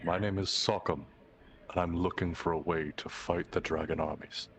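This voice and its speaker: A man playing his character in a tabletop game, calm and matter-of-fact. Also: low voice, moderate pace, slight background noise. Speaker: player. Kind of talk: in-character tabletop role-play.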